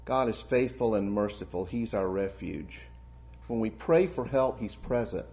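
A man preaching a sermon, earnest and warm in delivery, building to emphatic peaks and then dropping soft and low. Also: unhurried.

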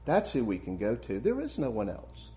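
A male preacher delivers a sermon in an earnest, pastoral way. His voice sits in an ordinary middle pitch for a man. He climbs into emphatic peaks on key points and then falls back to quiet, gentle phrases. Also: wildly swooping pitch, moderate pace.

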